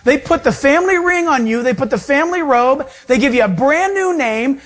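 A man's voice: extremely high pitch, expressive, brisk, fairly bright tone. A male pastor and Bible teacher delivering a sermon, preaching emphatically with repeated phrases and rising emphasis.

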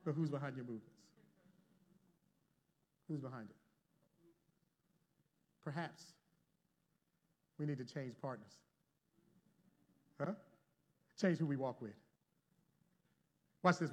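A man preaching a sermon to a congregation, calling for responses and swinging from loud to hushed. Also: mid-range voice, slow pace, pauses often. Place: church before a congregation.

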